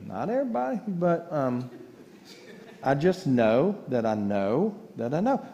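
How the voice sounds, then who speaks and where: Joking pastor in a big echoing church. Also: male voice, medium pitch, very animated, a little slow, dark tone. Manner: folksy, joking storyteller. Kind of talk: sermon. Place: large church sanctuary. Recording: church livestream with long reverb.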